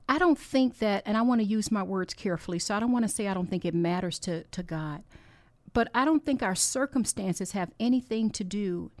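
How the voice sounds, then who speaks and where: A woman's voice: medium pitch, a little mellow, no echo. Earnest woman giving a faith talk. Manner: earnest, heartfelt, exhorting; personal, rambling storytelling with restarts. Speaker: podcast host. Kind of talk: faith-based encouragement talk.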